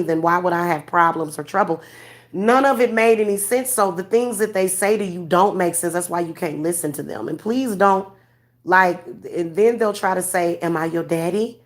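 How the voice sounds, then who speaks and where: A woman's voice: lowish voice, normal speed. A woman who gives spiritual readings, ranting to her viewers in a blunt, profane, preachy way. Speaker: vlogger giving spiritual readings.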